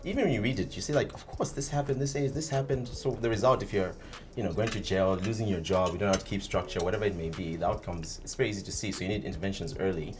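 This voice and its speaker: Zambian-born guy chatting fast and lively, lowish voice, music behind. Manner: fast, animated storytelling, acts out quoted voices. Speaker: podcast co-host. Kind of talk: casual discussion.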